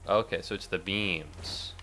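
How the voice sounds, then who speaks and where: A man's voice: low voice, measured pace, faint music behind. Rambling, sarcastic young streamer guy. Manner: rambling, sarcastic, swears a lot, sudden loud yelps. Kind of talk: casual gameplay commentary.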